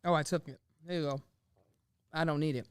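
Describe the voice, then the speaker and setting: A woman hosting a podcast in casual chat, lively and teasing, often laughing. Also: low-pitched, fairly quick, smooth, no echo. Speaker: podcast host.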